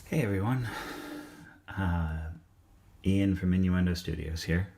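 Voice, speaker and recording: A man from New England, a video essayist, gives a scripted personal update in a hesitant, soft-spoken way with many fillers. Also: deep voice, unhurried, slightly rough.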